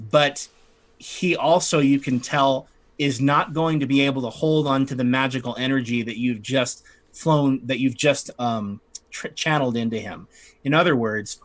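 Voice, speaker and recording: Bright-voiced male game master. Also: medium pitch. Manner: relaxed, chatty, with fillers. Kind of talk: narrating a tabletop game.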